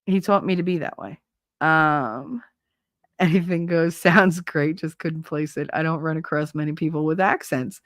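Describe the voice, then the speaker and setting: Jersey woman hosting a chat show, blunt and swears a lot, laughs a bunch, lowish voice, dry sound. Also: measured pace, a bit bright, no room sound. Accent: New Jersey. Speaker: host. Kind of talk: casual chat.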